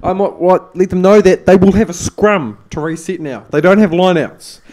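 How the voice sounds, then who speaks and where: A man's voice: sits high, moderate pace, darkish tone. A man joining sports commentary as the social media presenter, hesitant and jokey, full of fillers. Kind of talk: comedic banter.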